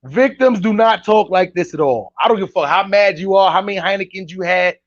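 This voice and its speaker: A man hosting casual reaction commentary, animated and incredulous, talking straight to his chat. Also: high voice, a little fast, no echo, dull audio. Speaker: commentary host reacting to clips.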